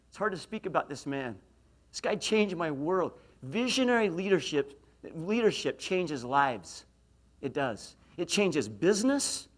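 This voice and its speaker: A man's voice: high voice, fairly bright tone. A middle-aged man from Idaho giving a university lecture, telling self-deprecating stories and throwing questions to the audience. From Idaho, USA. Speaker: motivational speaker.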